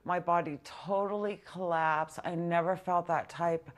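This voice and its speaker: A middle-aged woman interviewed in a news report, recounting her experiences slowly and with intensity. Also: on the low side, fairly even intonation, noisy background. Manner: slow, intense, emphatic recounting. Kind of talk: interview testimony.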